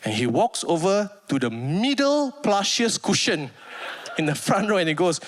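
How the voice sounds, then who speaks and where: A male stand-up comedian with a Malaysian English accent tells a story to a live crowd. His voice sits high and swings widely from line to line, and he jumps into quick impressions of the people he meets. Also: slight background noise. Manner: animated, acts out other people's lines in character. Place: stage before a live audience.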